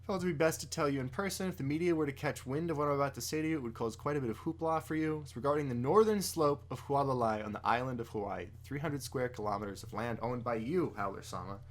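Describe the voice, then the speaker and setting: A man voicing a cold, formal banker, reading the comic's lines quietly and flatly. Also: medium pitch, fast, few pauses, natural voice.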